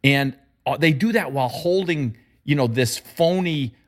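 A man discussing marketing in an emphatic, animated way, his pitch jumping up when he makes a point. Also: measured pace. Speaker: marketing commentator. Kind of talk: conversational discussion.

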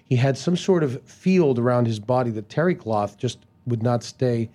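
A man from Canada, a guest on a podcast, telling casual anecdotes with many restarts and quick slips into impressions. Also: mid-range voice, animated, warm tone.

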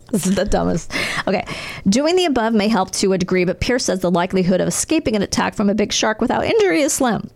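A woman's voice: mid-range voice, gravelly. A woman co-hosting a casual chat, reading news aloud with joking asides and frequent laughter. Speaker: podcast co-host.

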